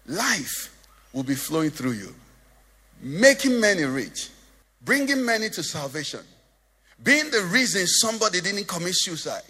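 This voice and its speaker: Lively, husky preaching man in a church hall. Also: sits high, a little slow. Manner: preaching with a sing-song lilt, asking the congregation questions. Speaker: pastor. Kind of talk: sermon.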